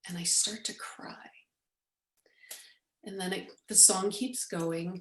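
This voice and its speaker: A woman in her forties, the guest, telling a personal story with lively storytelling and acted-out quotes. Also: lowish voice, slow, pauses often, echoey room, in a whisper, low-quality recording. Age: 40s. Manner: animated storyteller, acts out quoted speech. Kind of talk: storytelling in an interview.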